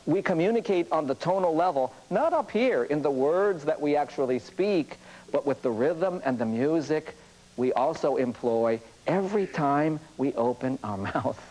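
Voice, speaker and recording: A man lecturing as a priest, with a lively pitch that rises and falls widely. He tells anecdotes in a storyteller's way and acts out the people in them. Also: moderate pace, low-quality recording. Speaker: priest and speaker on cross-cultural communication.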